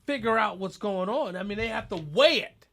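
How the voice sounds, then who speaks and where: A middle-aged man hosting a podcast in a loud, animated comedic rant, often shouting. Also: high voice, normal speed, vocal fry. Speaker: podcast host.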